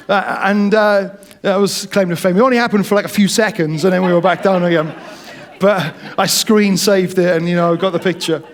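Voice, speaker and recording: Male preacher, higher voice, lively jokey storytelling sermon. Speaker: pastor.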